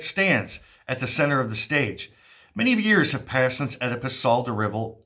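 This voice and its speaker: A man's voice: mid-range voice, sharp tone. A male teacher setting up and explaining a play for his class, in a casual way with jokey asides.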